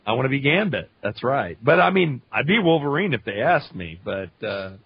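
A man's voice: mid-range voice, normal speed, husky, dry recording, muffled recording. A man from Louisiana, a voice actor chatting casually on a podcast and telling stories animatedly. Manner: animated storyteller, slips into voices. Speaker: voice actor guest.

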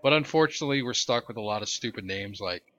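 A man's voice: medium pitch, animated, fast talker, a bit bright, a little hiss or hum. A man co-hosting a podcast in casual chat, grumbling, opinionated and sarcastic. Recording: dull lo-fi podcast audio.

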